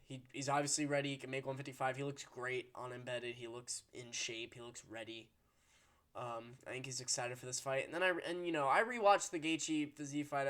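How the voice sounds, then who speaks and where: A man hosting his own fight-prediction channel, talking casually and with strong opinions, swearing and restarting sentences as he gets fired up. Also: medium pitch. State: hiccuping. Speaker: MMA prediction channel host. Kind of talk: casual solo commentary.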